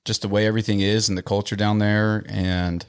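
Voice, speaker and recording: A man's voice: fairly low pitch, level tone, brisk, smooth. A man co-hosting a podcast, telling stories in a loose, slangy, casual way. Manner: loose, slangy storytelling with laughs. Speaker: podcast co-host. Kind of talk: casual chat.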